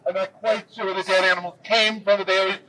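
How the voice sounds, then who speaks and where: A man giving a historical walking tour, telling the story with lively pacing and dry jokes. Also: sits high, quick pace. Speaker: tour guide. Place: outdoors in a city square. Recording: distant camera mic, faint street noise.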